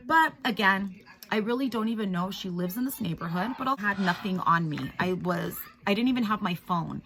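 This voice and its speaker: A woman's voice: medium pitch, expressive, a little fast, a bit bright. Shaken-up woman vlogging at home, rambly, lots of "like" and "you guys". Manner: upset, rambling, many "like" and "you guys" fillers. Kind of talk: casual chat to camera.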